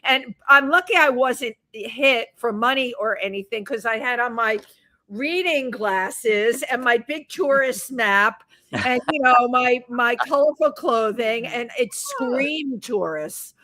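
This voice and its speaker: Talk show lady telling a story, laughs a lot, high-ish voice, dry sound. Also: slow pace, pushed and bright, no echo. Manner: chatty storyteller, laughs often. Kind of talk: casual chat.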